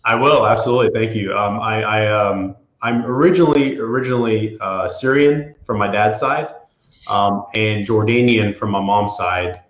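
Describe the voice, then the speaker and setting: A man's voice: lowish voice, moderate pace, a bit bright. A man from the Florida Panhandle, an attorney and guest, talking casually with many fillers and restarts. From Florida Panhandle, USA. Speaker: property insurance attorney, guest. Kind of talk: casual interview talk. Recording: roomy, dull lo-fi sound.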